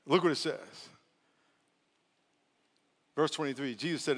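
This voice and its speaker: A male pastor preaching a lively, playful sermon that swings from soft asides to loud outbursts. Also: mid-range voice, a little fast, long pauses. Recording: long hall reverb.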